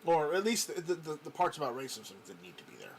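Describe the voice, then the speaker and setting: Talking fast and very animatedly in a fairly high voice, this livestream host chats with his co-host and reads out comments from viewers. He often repeats words as he starts over, and a faint hiss or hum runs under the audio.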